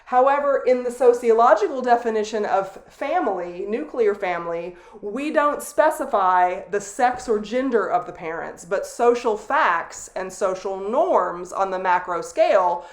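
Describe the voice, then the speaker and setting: A middle-aged woman teaching a sociology lecture, explaining deliberately with asides and fillers. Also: medium pitch, animated. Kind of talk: recorded classroom lecture. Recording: roomy echo.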